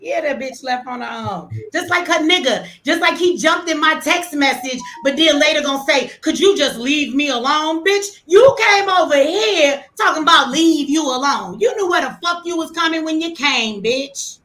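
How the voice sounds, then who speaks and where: Brash high-voiced woman trading insults. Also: animated, moderate pace, few pauses, fairly bright tone. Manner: brash, profane, mocking. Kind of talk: heated argument.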